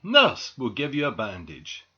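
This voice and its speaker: A man voicing a calm, kindly male toy doctor in a storybook reading. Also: mid-range voice, unhurried, slightly rough, dull audio, full character voice.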